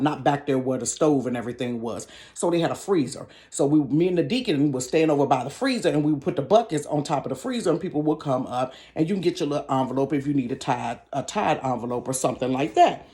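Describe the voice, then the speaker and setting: Animated man telling a story. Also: on the high side. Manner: animated, chatty, drops into whispers, fills with "da, da, da". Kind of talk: casual storytime. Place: bedroom.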